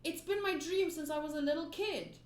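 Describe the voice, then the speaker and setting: A woman's voice: high-pitched, a little fast, close to an everyday voice. A woman reading a manga aloud and voicing a timid young male cabin boy, earnest and pleading. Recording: roomy echo.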